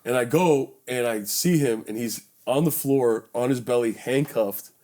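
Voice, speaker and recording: Young male podcast host, lively storyteller who voices every character in the tale. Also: mid-range voice, a little slow. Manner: animated storyteller, acts out quotes loudly, swears casually. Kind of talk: casual storytelling chat. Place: bedroom.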